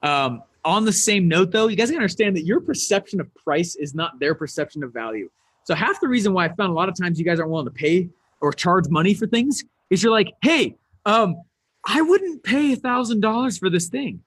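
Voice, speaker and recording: A man giving a live business talk on a stage, animated, rising to near shouts on key points. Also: high-pitched, fast, slightly rough, no echo. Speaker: speaker.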